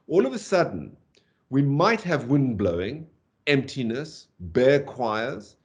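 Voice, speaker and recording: A man giving a university lecture on poetry, animated, tapping out rhythms aloud and saying "okay" often. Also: mid-range voice, slow. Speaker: literature lecturer.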